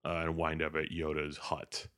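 Rumbling low and at normal speed, a man hosting a podcast tells the story of a film with animation, laughter and swearing, throwing in voices along the way.

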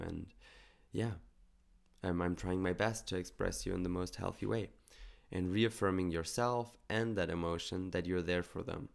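Low gravelly man, calm coaching talk. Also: moderate pace. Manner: calm, earnest, coaching tone with casual swearing. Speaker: podcast host. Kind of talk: reflective solo podcast talk.

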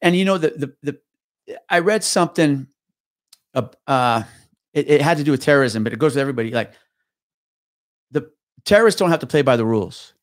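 A man's voice: medium pitch, brisk, pauses often, no room sound. Retired cop, male, profane storyteller, full of restarts, dry close mic. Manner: profane, animated retelling with many restarts. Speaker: guest, retired police officer. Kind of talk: casual podcast storytelling.

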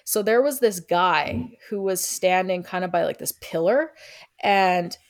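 A woman's voice: fairly low pitch, measured pace. A young woman casually telling a long personal story, swearing often and acting out what others said. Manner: animated, acts out quotes of others. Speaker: guest storyteller.

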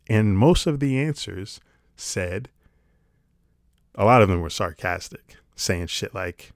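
A man's voice: on the low side, a little slow, no room sound, studio quality. A man talking to camera in a casual comedic monologue, sarcastic and rambling, swearing casually. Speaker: vlogger.

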